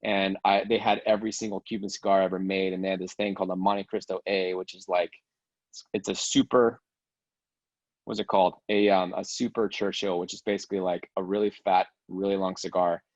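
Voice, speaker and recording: A man's voice: deep voice, level tone, a little fast, no echo, muffled recording. A man casually telling a long travel story on a video call, rambling with many fillers and restarts. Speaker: game participant sharing a travel story.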